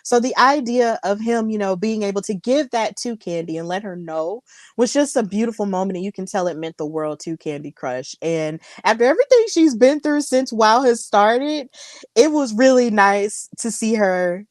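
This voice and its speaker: A woman's voice: mid-range voice, lively intonation, moderate pace, a little mellow, no room sound, studio quality. A woman hosting a casual wrestling recap chat, telling the story in a gushing, emotional way. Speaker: host.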